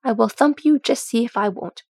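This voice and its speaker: Dwalin, a woman reading as a gruff old dwarf warrior. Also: a little high, moderate pace, darkish tone, dry recording, clean studio sound. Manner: growling, blunt.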